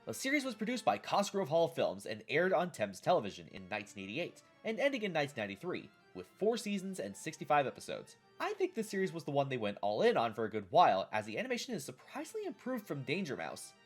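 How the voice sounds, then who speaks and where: A man's voice: fairly high pitch, wildly swooping pitch, fast, hardly any pauses, slightly rough, soft background music. Wry man narrating a TV retrospective. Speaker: host of a retrospective show. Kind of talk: scripted narration.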